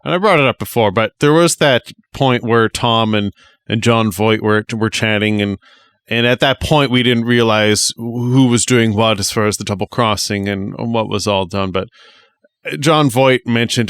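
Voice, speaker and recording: A man chats about a film on a podcast in an easygoing, offhand way. His voice is smooth and resonant, and the recording is dry and close. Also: fairly low pitch, normal speed, a bit bright, no room sound. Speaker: podcast co-host or guest. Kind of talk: casual film review chat.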